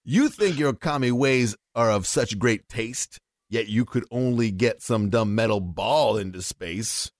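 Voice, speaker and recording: A man's voice: medium pitch, measured pace, hardly any pauses, no room sound, clean studio sound, lightly acted. A man reading the part of a brash, swaggering America in a profane comedic dramatic reading. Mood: mocking. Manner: loud, cocky, profane declamation.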